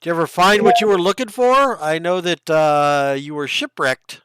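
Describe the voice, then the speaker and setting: A man voicing a hospitable male barbarian village chief who speaks loudly with hesitant fillers. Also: fairly high pitch, normal speed, clear, resonant tone, dry recording, natural voice. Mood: welcoming.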